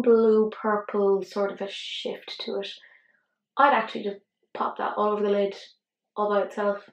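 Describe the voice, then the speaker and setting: An Irish woman in her thirties chatting casually through a makeup tutorial, self-mocking and quick with soft asides. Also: mid-range voice, little pitch movement, roomy sound, low-quality recording. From Ireland. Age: 30s. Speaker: beauty vlogger.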